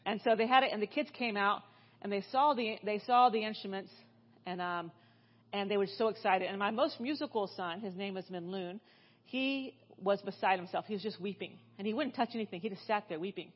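A middle-aged woman with a mid-range voice talks fairly quickly over dull audio, preaching as a guest speaker in a church. Her sermon unfolds as chatty stories riddled with fillers and restarts.

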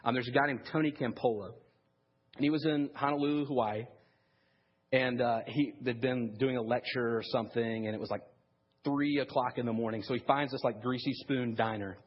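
A man with a husky, slightly breathy voice gives a sermon as if chatting with friends, loose and full of "like" and "um". The recording sounds dull and lo-fi. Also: medium pitch, fairly even intonation, fairly quick. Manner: casual, conversational preaching with many fillers. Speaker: pastor. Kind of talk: sermon with storytelling.

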